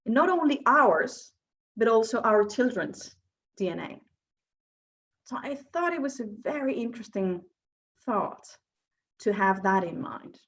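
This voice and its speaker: A woman's voice: a little high, very animated, a little slow, pauses often, highs cut off. Woman coach leading a workshop. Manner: asks the audience questions, explanatory. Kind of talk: presenting a workshop talk.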